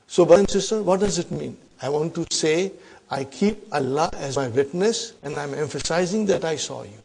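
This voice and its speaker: A man teaching an Arabic grammar lesson in English, quoting verses quickly and often asking the class "huh?" to check they follow. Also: a little high, expressive, gravelly, a little mellow, husky. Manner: recites Quranic Arabic quickly, then explains in English.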